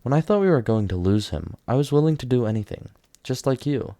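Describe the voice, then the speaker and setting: A man's voice: mid-range voice, animated, brisk, mellow, no room sound, clean studio sound, voice pushed up, natural voice. A man voicing an earnest teenage girl. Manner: earnest, scolding. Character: shy teenage girl, firm when defending family.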